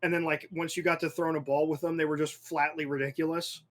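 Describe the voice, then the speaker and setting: A young male podcast host chats casually in a quick, somewhat high voice, rambling and swearing and often restarting his sentences. He tells stories animatedly, acting out asides along the way.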